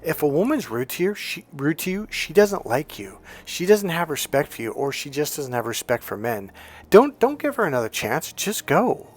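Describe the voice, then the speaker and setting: A man's voice: fairly high pitch, big pitch swings, normal speed. A man telling a personal story as a dating coach, in a blunt, profane, emphatic way. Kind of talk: casual storytelling monologue.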